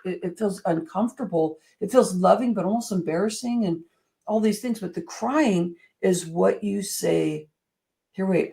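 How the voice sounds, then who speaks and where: Creaky-voiced motivational woman speaker. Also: medium pitch. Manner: earnest and expressive, swinging between soft and emphatic. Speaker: speaker and coach. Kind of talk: motivational talk.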